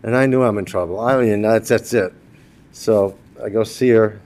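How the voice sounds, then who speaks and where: A man's voice: lowish voice, moderate pace, a little mellow. A man in his sixties giving a eulogy for his wife, telling humorous personal stories and laughing at his own jokes. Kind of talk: funeral eulogy told as personal anecdotes.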